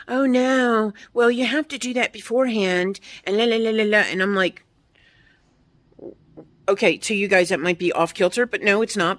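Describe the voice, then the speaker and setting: With a mid-range voice that's a bit bright, this fiftysomething woman vlogs a ranting monologue to camera. She's blunt and profane, parroting other people's responses in mocking quoted voices.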